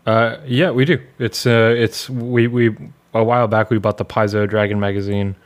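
A man's voice: fairly low pitch, level tone, moderate pace. A man co-hosting a casual podcast chat, upbeat and jokey as he introduces the episode. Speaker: podcast co-host.

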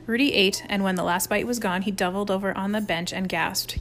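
A woman reading a children's novel aloud as an audiobook narrator, in a lively storytelling manner. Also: mid-range voice, brisk, a little hiss or hum. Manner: lively storytelling with varied character voices. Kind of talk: scripted narration.

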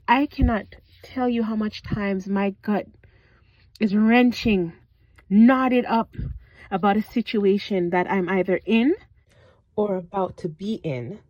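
Slow-talking woman podcast host, lo-fi. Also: a little high, no echo. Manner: conversational, asks the listener direct questions. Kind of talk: casual reflective monologue. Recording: dull lo-fi recording.

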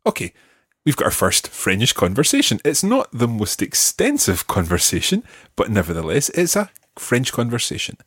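A man hosting a language course, teaching deliberately and slowing down to model words. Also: medium pitch, wildly swooping pitch, fairly bright tone, slightly rough, no room sound, clean studio sound. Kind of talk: scripted language lesson. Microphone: close studio mic.

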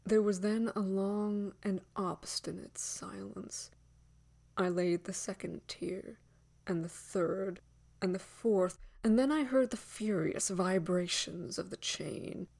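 A woman reads a gothic story dramatically, in a measured way, sinking to hushed whispers and rising into loud declarations. Her voice is medium-pitched and sing-song, with vocal fry.

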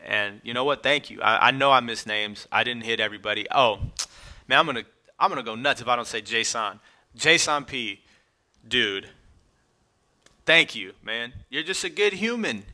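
A man's voice: medium pitch, sharp tone. A middle-aged man hosting a podcast, talking casually and emotionally as he speaks straight to his family and friends. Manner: emotional, casual, addresses loved ones directly. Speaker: podcast host. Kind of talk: heartfelt podcast monologue.

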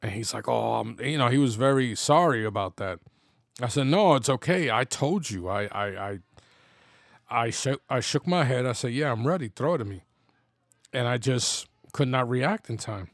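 A man in his fifties chats through personal stories, laughing easily and often starting his sentences over. His voice sits at a middle pitch. The recording is dry and close, with no room sound. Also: animated, normal speed, vocal fry, no room sound. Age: 50s. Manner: rambling, laughs often, many restarts. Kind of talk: casual personal storytelling. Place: home.

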